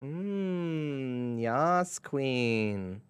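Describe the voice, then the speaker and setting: A man's voice: mid-range voice, lively intonation, very slow, clear, resonant tone, no room sound. A man with a British accent chatting playfully with his viewers on a live stream, often breaking into giggles. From Britain. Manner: playful, giggly, reacting to chat.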